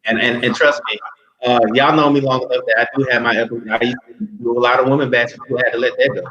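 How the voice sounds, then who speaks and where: Guy on a podcast talking fast and joking around, bright voice, lo-fi audio. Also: medium pitch, steady tone, a crowd in the background. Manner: joking, candid, repeats himself. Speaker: podcast co-host. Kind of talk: casual chat. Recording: dull lo-fi recording.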